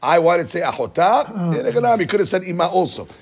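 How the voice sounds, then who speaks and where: Husky man teaching a Talmud class. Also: high-pitched, very animated, fast. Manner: explains step by step, repeats key phrases, answers students' questions. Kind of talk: Talmud study class explanation.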